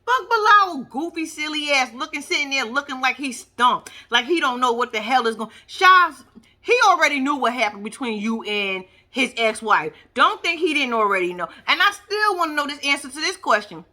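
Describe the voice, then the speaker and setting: Woman vlogger, brash and profane, bright tense voice, slightly high. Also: sing-song, normal speed. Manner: brash, profane, talks straight to viewers. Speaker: reaction vlogger. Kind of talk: casual profane TV recap.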